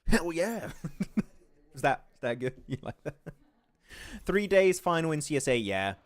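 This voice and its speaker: A man's voice: fairly high pitch, measured pace, no echo. A young man from England casually commentating a mobile esports match on a livestream, reacting to plays and reading chat aloud. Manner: excitable, reads chat aloud. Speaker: esports caster.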